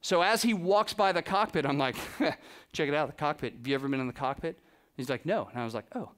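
A man giving a talk to an audience, telling lively anecdotes and acting out the dialogue with a laugh now and then. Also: a little high, fast talker, smooth. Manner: animated anecdotes, acts out dialogue, laughs often. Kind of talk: storytelling presentation to a live audience.

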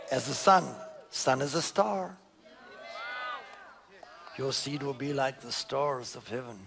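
Gravelly preacher man, emphatic. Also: expressive, takes it slowly, long pauses, a crowd in the background. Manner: emphatic, swings between loud declarations and low murmurs; reads scripture aloud and comments on it. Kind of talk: sermon.

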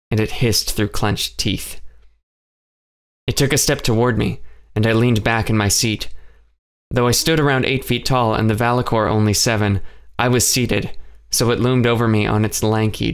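A man giving steady, measured first-person audiobook narration. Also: fairly low pitch, creaky, clear, resonant tone.

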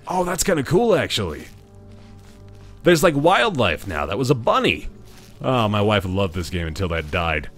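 A man doing live gameplay commentary, joking with chat, thanking viewers and yelling when startled. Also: fairly low pitch, big pitch swings, normal speed, faint music behind. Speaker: gaming livestreamer.

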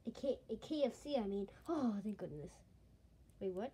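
A woman performing a playful toy skit, excitably switching between character voices. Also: mid-range voice, normal speed, noisy background.

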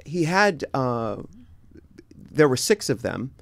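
A man in his sixties from San Diego, chatting casually as an interview guest, relaxed and halting with many fillers and restarts. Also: medium pitch, vocal fry. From San Diego, United States.

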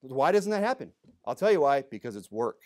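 A man preaching a sermon in a church, emphatic, asking rhetorical questions and dropping low to stress a point. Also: big pitch swings, a little fast, a little mellow.

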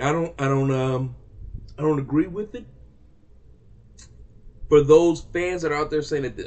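Man, slightly high voice, fed-up casual vlog rant, profane and repetitive. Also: moderate pace, pauses often, a little mellow. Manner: exasperated, profane, repeats himself for emphasis. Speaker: music reaction vlogger. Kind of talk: casual heated rant to camera.

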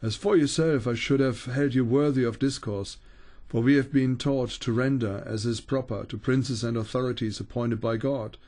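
A man's voice: mid-range voice, steady tone, moderate pace, few pauses, darkish tone, close to an everyday voice. A man reading as a steadfast old bishop. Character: elderly male bishop, calm and unyielding.

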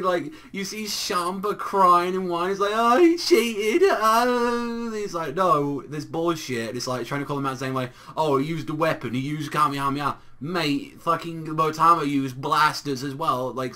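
A man's voice: mid-range voice, sharp tone. A young man reviewing an anime episode in a casual, exasperated rant full of swearing.

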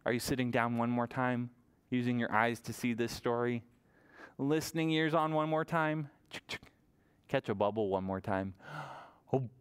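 Leading a toddler story time online, this children's librarian speaks with animated, sing-song energy to small kids. His medium-pitched voice has a clean tone, moving at a moderate pace with long pauses.

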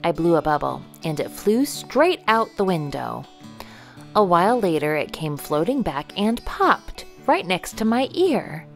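Expressive woman reading a kids' book. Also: fairly low pitch, measured pace, creaky, faint music behind. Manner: expressive, lively storybook reading. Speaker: storyteller. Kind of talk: children's picture book read-aloud.

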